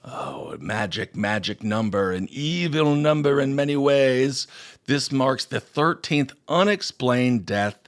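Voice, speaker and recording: A man's voice: mid-range voice, expressive, takes it slowly. A man hosting a podcast, chatting about the news in a crude, joking way, trailing off with fillers. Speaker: podcast host. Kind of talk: casual news chat.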